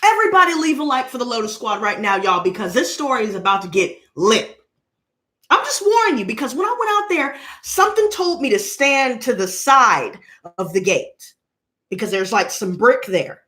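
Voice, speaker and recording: A young woman who hosts a tarot channel tells a story in a casual vlog, talking loudly and swearing a lot. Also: on the high side, moderate pace. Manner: loud, profane, animated storyteller. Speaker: tarot reader and channel host.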